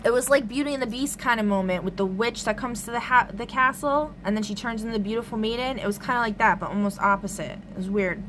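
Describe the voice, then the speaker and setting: A woman's voice: fairly high pitch, quick pace, few pauses, a bit bright, a little hiss or hum. Rambling, swearing woman, casual vlog. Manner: rambling, lots of "like", frequent swearing. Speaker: tarot reader recounting a dream.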